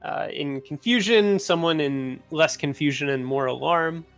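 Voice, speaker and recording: A man with a gravelly, slightly high voice narrates a tabletop game as its game master. He talks in an easygoing, unhurried way, often pausing on fillers. Soft music plays underneath.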